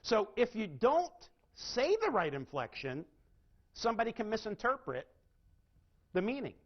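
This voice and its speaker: Speaking a little slowly in a high, sing-song voice, this seminar speaker runs a live sales training lecture. He asks the audience questions and changes his emphasis and pace, and the recording sounds dull and lo-fi.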